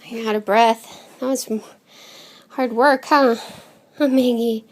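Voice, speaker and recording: A woman's voice: fairly high pitch, steady tone, slow pace. A young woman at home, gushing to her dog in baby talk with laughter, filmed on a handheld camera. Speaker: dog owner filming her pet. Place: home, indoors.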